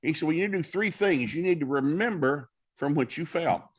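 Folksy preaching man, slightly high voice. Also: lively intonation, brisk, slightly rough. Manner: folksy preacher storytelling, acts out dialogue. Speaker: minister. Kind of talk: storytelling talk-show guest.

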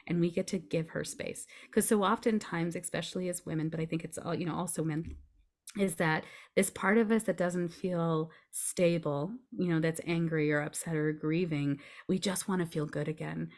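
A woman's voice: sits low, fairly even intonation, moderate pace, darkish tone. A woman guest on a podcast, explaining emotions earnestly and reassuringly, often checking in with her listener. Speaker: podcast guest, grief coach. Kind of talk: conversational explaining.

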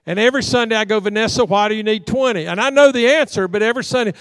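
Racing through his words, a middle-aged pastor tells homespun stories in the sanctuary, acting out the dialogue in character voices with folksy flair. His high voice has a clear, resonant tone. Close, dry miking is followed by the hall's long, trailing reverb.

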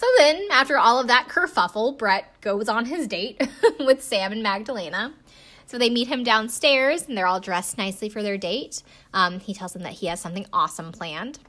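A woman's voice: medium pitch, pushed and bright. A woman hosting a podcast, chatting casually as she recaps a show, her talk full of "like" and "um" fillers. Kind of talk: casual chat.

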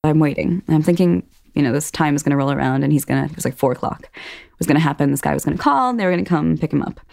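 A woman giving documentary testimony, recounting events earnestly and in a measured way, often acting out quoted speech. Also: low voice, creaky, darkish tone, dry recording. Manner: earnest, measured retelling that voices others' quoted words. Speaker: interviewee telling her own story.

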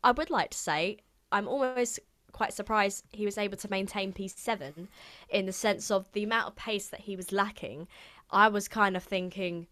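A woman's voice: medium pitch, moderate pace, fairly bright tone. Bubbly young woman co-hosting a podcast. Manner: bubbly, filler-heavy, laughs often. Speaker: podcast co-host. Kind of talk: casual chat.

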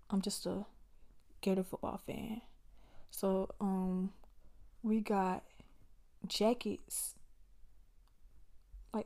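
A young woman in her twenties hosting a podcast, telling stories in a casual, animated and slangy way and addressing listeners directly. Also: medium pitch. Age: 20s. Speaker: podcast host. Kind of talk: casual storytelling chat.

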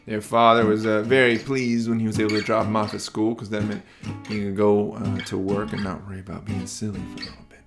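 A man with a lowish voice spins a bedtime tale for kids, easygoing and full of little restarts. A soft guitar plays faintly in the background. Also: quick pace. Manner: relaxed, rambling with fillers. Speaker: children's podcast host and storyteller. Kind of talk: bedtime storytelling.

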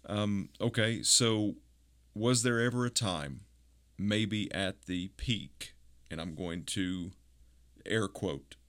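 Slow, very deep-voiced male interviewer. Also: fairly bright tone, clean tone. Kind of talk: faith interview.

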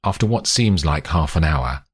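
A man narrating an audiobook in a measured, expressive way. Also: rumbling low, slightly rough. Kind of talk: scripted narration.

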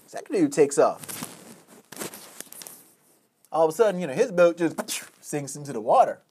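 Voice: medium pitch, very animated, quick pace, mellow, a little hiss or hum. Rambling casual joke-teller. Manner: rambling, many fillers like "you know, whatever".

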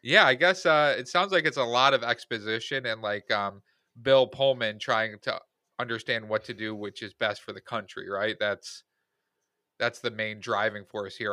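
A man co-hosting a casual movie review podcast, relaxed and a little hesitant. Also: on the low side, moderate pace, dry recording. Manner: relaxed, hesitant, full of fillers. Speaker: podcast co-host.

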